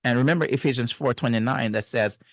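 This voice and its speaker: A man's voice: medium pitch, fast, no room sound, studio quality. Earnest middle-aged man giving marriage advice. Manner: earnest, teacherly, speaks to the viewer directly. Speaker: marriage and family therapist. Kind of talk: faith-based relationship advice talk.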